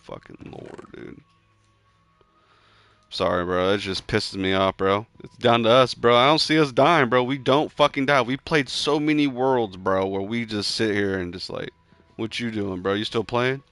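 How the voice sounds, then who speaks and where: A young man plays a game on stream and chats with friends, his mid-range voice at normal speed with no room sound and faint music behind. His talk is a sweary rant full of "bro" and "dude," breaking into loud, excited yelps at tense points.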